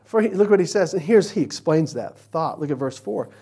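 A pastor with a slightly high, warm, slightly rough voice preaches a conversational sermon at a fairly quick pace, his intonation lively. He teaches from scripture casually, playfully acting out everyday examples.

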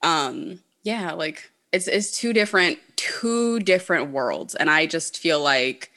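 Lively bright-voiced woman. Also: sits low, takes it slowly. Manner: animated storyteller, frequent laughs, filler-heavy. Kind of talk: casual chat.

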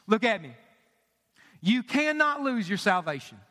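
A man in his thirties preaching with a strikingly high, bright, forceful voice. He presses his points with rhetorical questions and sudden hushed drops. The sound rings with the long reverb of a large hall. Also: very animated, unhurried. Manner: emphatic, asks the congregation questions, drops to quiet for emphasis. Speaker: pastor. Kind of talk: sermon.

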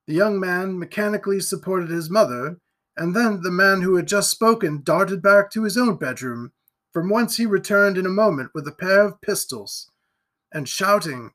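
A man reading a gothic novel aloud in steady, even storytelling narration. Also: high voice, moderate pace. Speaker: audiobook reader.

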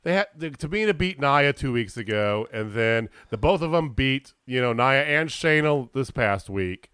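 Ranting, animated man on a podcast. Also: mid-range voice, normal speed, clear, resonant tone, no room sound, clean studio sound. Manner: animated, ranting, swears freely. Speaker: podcast co-host. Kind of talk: casual wrestling chat.

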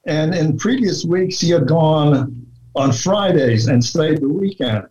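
A man talking through his research in a relaxed interview, deliberate and full of fillers and restarts. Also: fairly high pitch. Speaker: researcher guest. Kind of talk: conversational interview talk. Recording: dull lo-fi sound.

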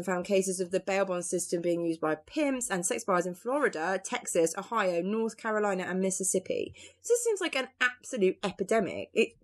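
A woman, co-hosting a casual podcast, telling news stories in an animated, laughing way with casual swearing. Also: mid-range voice. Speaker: podcast co-host. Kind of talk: casual chat and news storytelling.

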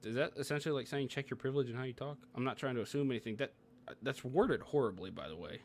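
A young man co-hosting a casual podcast, reading text aloud and arguing back at it with quick laughs. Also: medium pitch, slight background noise. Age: young adult. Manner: animated, reads from a page and argues back. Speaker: podcast co-host.

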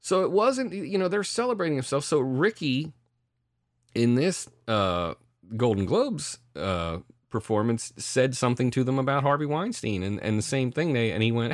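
A middle-aged podcast co-host chats casually, animated and profane. He speaks at a moderate pace in a mid-range voice, with studio-quality sound and no echo.

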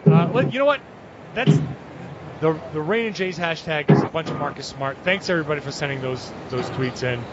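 A man co-hosting a casual sports podcast, animated as he reads listener tweets aloud. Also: on the high side, a little fast. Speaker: podcast co-host. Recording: muffled lo-fi audio with clear background noise.

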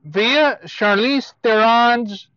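A man giving casual movie news to viewers, speaking in a halting way with self-corrections and asides. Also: very high voice, pushed and bright, no echo, dull audio.

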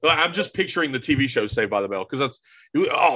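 A man with a Southern North Carolina twang chats casually as a podcast co-host. His voice is bright, and his pitch swings a lot as he talks. He laughs easily and trips over repeated words. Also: expressive, fairly quick. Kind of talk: casual chat.

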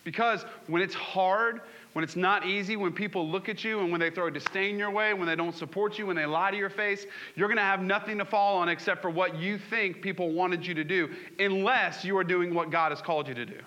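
A man's voice: high-pitched, fairly even intonation, a little fast, hardly any pauses, pushed and bright, lo-fi sound. A man preaching a sermon, asking the congregation questions and acting out scripture scenes. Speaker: pastor.

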